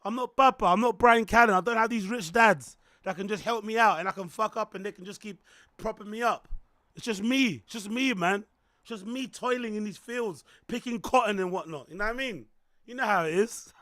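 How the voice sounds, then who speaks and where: A male streamer host, chatting casually and playfully with his stream chat. His voice is hoarse and rough, like a smoker's. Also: high-pitched, normal speed, dry recording, clean studio sound. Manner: loud playful banter with chat.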